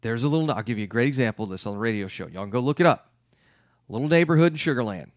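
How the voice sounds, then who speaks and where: A man's voice: mid-range voice, animated, very fast, dry recording. Emphatic man, dry close sound. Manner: emphatic, acts out his clients' questions. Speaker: real estate investment educator. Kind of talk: lively motivational talk.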